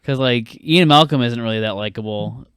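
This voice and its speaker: Young male film-podcast host; excitable, profane, smooth clean tone. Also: medium pitch, no echo, clean studio sound. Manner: animated, swears a lot, quick bursts. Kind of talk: casual film chat.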